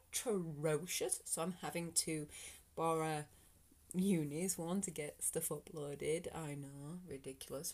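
A British woman hosting her own podcast, talking through her thoughts in an earnest, rambling, motivational way that sometimes sinks to a whisper. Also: low-pitched. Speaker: podcast host. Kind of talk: reflective solo podcast monologue.

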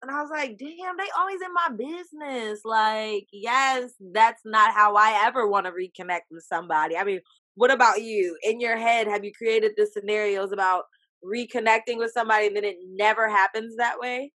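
A young woman talking casually about a TV episode, acting out her own reactions in lively quotes. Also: mid-range voice, normal speed. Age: young adult. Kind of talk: casual TV recap chat.

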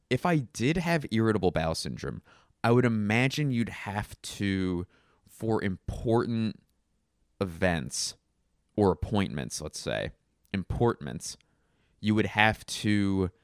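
A man's voice: lowish voice, dry recording, clean studio sound. A man hosting a solo comedy podcast, rambling through wry, self-mocking tangents.

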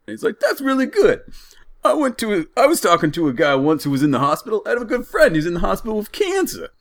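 A man putting on an exaggerated New Jersey accent to voice a loud, chatty, rambling male rideshare driver. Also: sits high, wildly swooping pitch, quick pace, vocal fry, voice pushed up, full character voice. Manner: rambling, overloud, folksy.

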